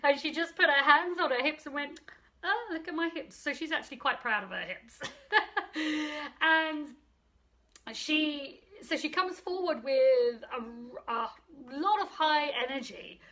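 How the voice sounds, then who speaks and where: A middle-aged woman with a high, bright voice talks casually into her phone on a live stream. She greets viewers by name and answers their comments out loud as she goes. She is a psychic medium hosting the stream. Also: lively intonation, measured pace.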